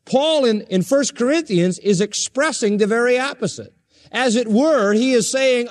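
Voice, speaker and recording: A man's voice: sits high, animated, moderate pace, a little mellow. A man preaching an expository sermon as a pastor, emphatic and stacking his points in repeated parallel phrases.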